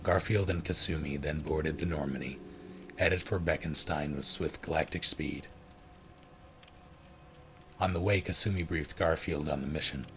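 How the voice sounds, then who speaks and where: A male streamer reading a comic story aloud, deadpan, correcting his own slips. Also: very deep voice, normal speed, long pauses, slight background noise.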